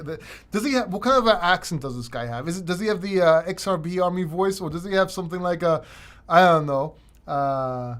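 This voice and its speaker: Male host, high voice, loose rambling livestream Q&A delivery with lots of restarts. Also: lively intonation, fast talker, fairly bright tone. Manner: casual, rambling, frequent restarts. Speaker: crypto channel host.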